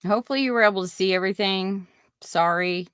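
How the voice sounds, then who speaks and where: A woman's voice: mid-range voice, fast, fairly bright tone, clean tone, no room sound, clean studio sound. A woman hosting a casual live stream, reading viewer comments aloud and reacting with outrage and apologies. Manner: chatty, reads viewer comments aloud, indignant. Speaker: podcast host.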